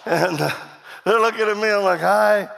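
A man's voice: on the high side, moderate pace, vocal fry, pushed and bright, slight background noise. A man telling a self-mocking, joke-filled story as a guest speaker in a church sermon, acting out the voices of people he quotes. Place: church stage before a congregation. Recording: long hall reverb from a stage.

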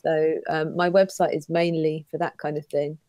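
A woman's voice: deep voice, flat delivery, normal speed, warm tone. A British woman guest on a podcast, hesitant and giggly as she talks. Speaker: guest, costume designer. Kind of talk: casual podcast chat.

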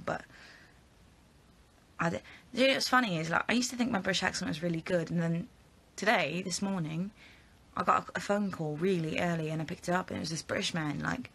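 A woman's voice: fairly low pitch, fairly quick, pauses often, fairly bright tone, breathy edge. A young woman answering fan questions in a casual, chatty way, giggling and rambling with fillers, recorded on a phone at arm's length. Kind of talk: casual live Q&A chat.

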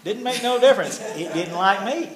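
A man's voice: sits high, expressive, moderate pace, a crowd in the background. An older man, telling a folksy testimony in a sermon. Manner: folksy storytelling with laughs and nonstandard grammar. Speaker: preacher. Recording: echoey room.

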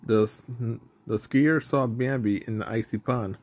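A man reading a children's storybook aloud in a plain, even narrating manner, with the odd stumble. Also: lowish voice, a little slow.

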